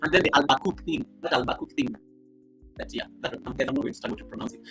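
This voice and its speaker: A man with a rather high, racing voice runs a casual live stream from home, welcoming viewers by name and reading their chat comments. Loud greetings alternate with quiet asides into his laptop mic, and soft music plays behind the poor-quality audio.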